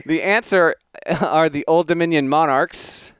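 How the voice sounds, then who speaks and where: A man's voice: fairly high pitch, a little slow, a bit bright, clean tone, no echo, studio quality. A man co-hosting a casual sports podcast, playful and quizzing his co-host with trivia.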